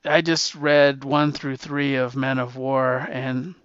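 The man here answers a question by recounting a war comic's story in a loose, rambling way, restarting often and using fillers and profanity. His medium-pitched voice is slow, fairly bright, clear and resonant, with little pitch movement. The recording is dry, dull, and slightly lo-fi.

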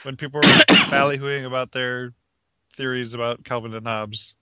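A man's voice: medium pitch, fairly even intonation, normal speed, very noisy. A man co-hosting a casual podcast chat, rambling with restarts and laughing at his own jokes. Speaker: podcast co-host.

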